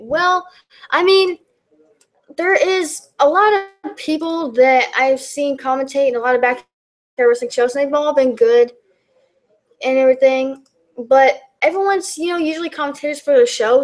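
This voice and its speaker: High-voiced woman rambling through vlog Q&A. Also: a little mellow. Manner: rambling, many fillers and restarts. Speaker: YouTube backyard wrestling commentator. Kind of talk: casual Q&A vlog, reading and answering questions.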